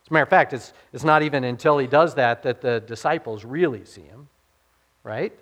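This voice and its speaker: A man's voice: medium pitch, fairly quick, a bit bright. A man pastor giving a conversational sermon, posing rhetorical questions to the congregation and dropping his voice to quote scripture.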